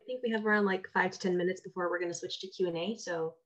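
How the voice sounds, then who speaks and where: A woman's voice: fairly low pitch, fairly even intonation, fast, muffled recording. A woman interviewer asking a casual question, hesitant and full of fillers.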